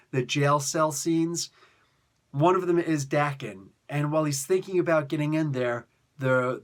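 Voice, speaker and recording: A man giving a casual, rambling comic book review, full of fillers, restarts and exasperated asides. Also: medium pitch.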